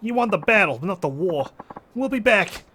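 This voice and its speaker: A man's voice: sits high, lively intonation, normal speed, bright, forceful tone, slight background noise, voice pushed up. Man putting on a Jersey-accented mob enforcer. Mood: smug, threatening. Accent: put-on New Jersey. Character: menacing male mob enforcer, smug and pushy. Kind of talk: amateur quote reading of game dialogue.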